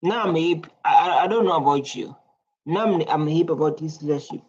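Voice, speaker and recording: A man's voice: on the high side, a little fast, a little mellow. Man, reaction vlog host, repetitive casual rambling, coughing, muffled lo-fi sound. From South Africa. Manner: rambling, repeats phrases, frequent exclamations.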